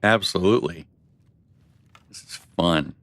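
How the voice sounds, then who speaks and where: A man gives casual, off-the-cuff commentary while he plays a video game. His voice sits a bit low, and he rambles and makes fun of his own slip-ups. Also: unhurried, a bit bright. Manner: rambling, self-deprecating. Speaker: streamer.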